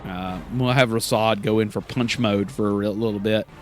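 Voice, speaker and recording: A man's voice: fairly low pitch, steady tone, moderate pace, faint music behind. A man hosting a let's play, giving casual gameplay commentary, rambling and correcting himself with many fillers.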